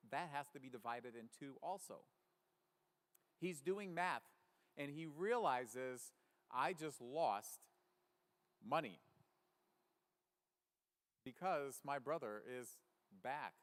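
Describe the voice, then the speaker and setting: A man preaching a sermon in a church, earnest and thinking aloud with frequent fillers. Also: a little high. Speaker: pastor. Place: church sanctuary. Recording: reverberant church hall.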